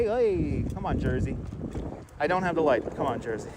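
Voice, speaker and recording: A man's voice: a little high, lively intonation, moderate pace. Chatty man streaming from a bike. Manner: chatty, greets viewers by name, loose and upbeat. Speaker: live-streaming bike vlogger. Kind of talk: casual live-stream chat while cycling. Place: outdoors riding a bike through city streets. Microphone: wireless clip-on mic. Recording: wind and traffic noise outdoors.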